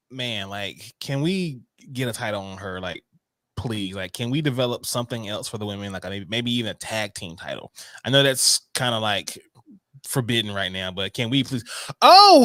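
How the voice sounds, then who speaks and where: A man's voice: on the low side, normal speed, bright, forceful tone, no room sound, studio quality. A man co-hosting a casual wrestling podcast, chatting loosely and breaking into hyped announcer-style bursts. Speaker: podcast co-host.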